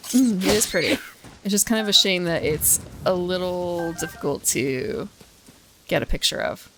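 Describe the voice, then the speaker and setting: A woman with a fairly low voice chats at a normal pace, with a bit of hiss or hum in the background. She's livestreaming games from home, musing aloud, talking to her viewers between gameplay, and laughing a lot.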